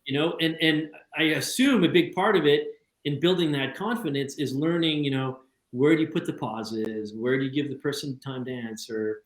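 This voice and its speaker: A man hosting a podcast, talking quickly and chattily, with frequent restarts and repeated words. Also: medium pitch, reverberant, low-quality recording. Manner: fast, repetitive restarts, chatty. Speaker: podcast host. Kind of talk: casual conversation.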